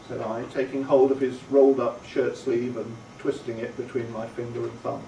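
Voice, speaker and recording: A man narrating an audiobook in a slow, measured storytelling way. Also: medium pitch, level tone, vocal fry, dark tone, a little hiss or hum. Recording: roomy, distant, faint ambience.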